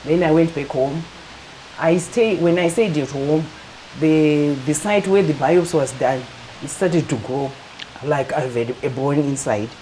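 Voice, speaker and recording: A middle-aged woman calmly telling her personal story as an interview guest. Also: low-pitched, measured pace, a little hiss or hum, rough recording. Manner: calm, matter-of-fact, acts out quoted dialogue.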